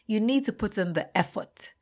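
A woman's voice: medium pitch, animated, normal speed, darkish tone, close to an everyday voice. Caring friend, insistent and scolding , read by a woman. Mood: urging. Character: frank caring female friend on phone.

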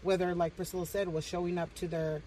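A woman's voice: fairly low pitch, flat delivery, fast, warm tone, far from the mic, slight background noise, poor audio. A woman guesting on a podcast, telling stories casually and bluntly, swearing heavily and slipping into Spanish. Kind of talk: casual, profane storytelling.

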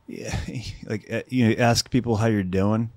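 A man's voice: fairly low pitch, measured pace, no echo. A man co-hosting a casual reaction show, joking, swearing freely and laughing often. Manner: animated, swearing, laughing, jokey. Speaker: podcast co-host.

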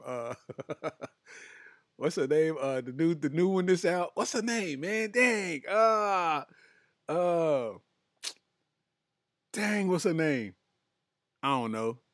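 Young guy w/ aave, slow easygoing talk, bit high voice, laughing a lot, dry close sound. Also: no echo. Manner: laughs often, slangy and loose, trails off with "man" and "boy". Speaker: podcast host reading live chat. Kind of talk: casual comedic chat.

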